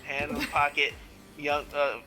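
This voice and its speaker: A man with an extremely bright, forceful voice and a slightly high pitch plays in a tabletop role-playing game. He talks loosely, laughing through his lines and swearing casually. Faint music sits behind him. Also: completely flat delivery, a little slow, rough recording. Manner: laid-back, swears, laughs mid-sentence. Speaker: player.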